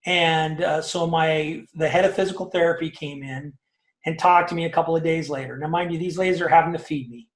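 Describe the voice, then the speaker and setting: Fairly quick and fairly even in intonation, this fifty-something man's voice sits on the high side as he recounts his personal story in a relaxed interview. The room echoes, and he talks a lot, stressing points with plenty of fillers and tag questions.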